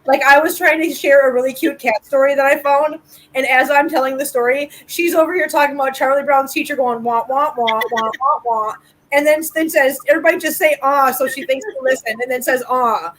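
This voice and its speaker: A woman's voice: sits high, steady tone, a little fast, fairly bright tone, rough recording. A woman hosting a casual live chat about cats, playful and mock-offended. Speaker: livestream host.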